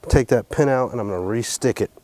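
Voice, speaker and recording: A man's voice: mid-range voice, fast. Man, farm vlog host, muttering and swearing through tractor work outdoors, noisy background. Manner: profane, joking, muttering to himself. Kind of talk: casual narrated self-talk while working.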